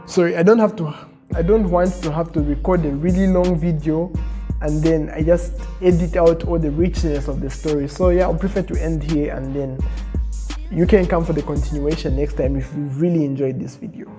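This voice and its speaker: Casual male storyteller, chatty and loose, mellow dark voice, faint music under. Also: fairly high pitch, moderate pace. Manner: chatty, animated retelling with fillers.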